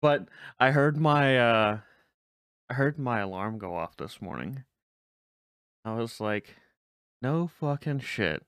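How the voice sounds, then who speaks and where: A man hosts a casual podcast, drawling slowly and teasing his friend with easy laughter. His voice is smooth and clear, recorded dry and close. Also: mid-range voice, fairly bright tone, dry recording. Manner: laid-back, teasing, laughs easily. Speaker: podcast host. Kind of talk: casual chat.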